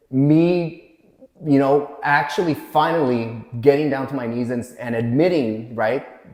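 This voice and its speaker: Man, mid pitch, blunt and profane storyteller, recorded in a roomy space with a long reverb tail. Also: darkish tone. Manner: blunt, swears freely, retells scenes in others' words. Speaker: guest sharing his recovery story. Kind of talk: candid personal storytelling. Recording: echoey room with long reverb.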